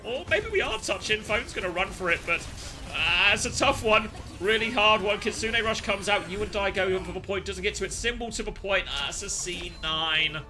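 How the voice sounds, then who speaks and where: A man casting live esports, shifting between excitable play-by-play and chatty analysis full of fillers. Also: high-pitched, fairly quick, few pauses, over music. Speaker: esports caster.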